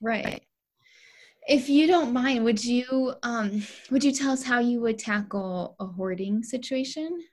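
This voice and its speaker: A woman's voice: fairly high pitch, unhurried, darkish tone. Woman host affirming her guest. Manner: affirming, gives short backchannels. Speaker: podcast host. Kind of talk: podcast interview.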